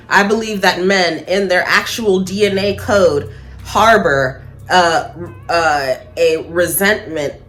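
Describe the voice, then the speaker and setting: A woman talking casually and bluntly to camera, swearing freely, laughing at her own points and slowing down for emphasis. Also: on the low side, fairly bright tone. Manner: slows down for emphasis. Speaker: spiritual vlogger. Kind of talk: casual opinion monologue.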